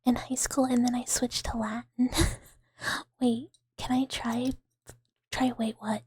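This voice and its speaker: A young woman in a whispered ASMR stream chat, her voice high and airy as she talks very slowly into a close microphone. She giggles at herself between soft whispers, and the sound is dry and intimate. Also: level tone, breathy edge, dry recording. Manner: giggly, laughs often at herself.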